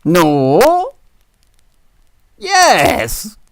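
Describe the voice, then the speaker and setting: A man's voice: sits high, wildly swooping pitch, drawn-out words, no room sound, studio quality, heavily acted. A man voicing a rude, cheeky male puppet bird with a Scottish accent, teasing strangers in a video chat comedy. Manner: crude, teasing, sings silly songs.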